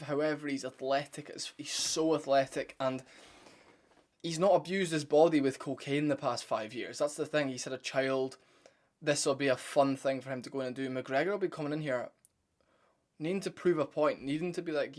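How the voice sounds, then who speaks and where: A young man with a steady, medium-pitched voice speaking at a normal speed hosts an MMA commentary channel. He gives his viewers a blunt, opinionated fight-sports breakdown, rambling, restarting sentences and swearing casually.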